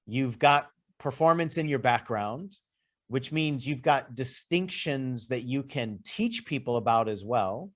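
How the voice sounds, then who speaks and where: Male life coach, mid-pitch, casual conversational delivery with asides. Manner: conversational, explaining with lists and asides. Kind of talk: coaching session.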